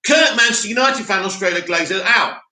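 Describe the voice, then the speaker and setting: A man with a high, very bright, forceful voice hosts a live stream, chatting animatedly and reading out viewer comments. His voice rings in an echoey room. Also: expressive, brisk. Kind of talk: casual live-stream chat. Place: home studio in Cyprus.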